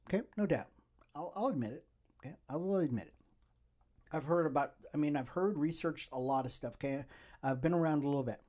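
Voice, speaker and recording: A man's voice: on the high side, warm tone. A man hosting a solo political commentary podcast, talking in a rambling way and often checking in with "okay?". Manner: rambling, repeats "okay?" to the listeners. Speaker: podcast host.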